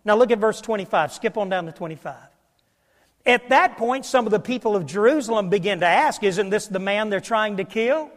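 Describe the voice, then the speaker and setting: High-voiced impassioned preacher in a reverberant hall. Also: male voice, lively intonation, fairly quick. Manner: impassioned preaching, sweeping from loud declaration to hushed near-whisper. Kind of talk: sermon. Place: church sanctuary.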